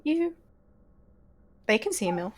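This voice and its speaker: A woman playing in a tabletop game, talking in a relaxed way with dry banter. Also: a little high, measured pace, breathy edge. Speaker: player. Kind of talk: casual tabletop game chat.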